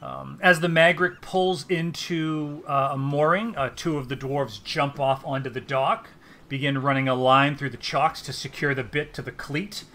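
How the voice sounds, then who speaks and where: Bright-voiced man running a tabletop game. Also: medium pitch, steady tone, normal speed. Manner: filler-heavy, casual. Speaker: game master.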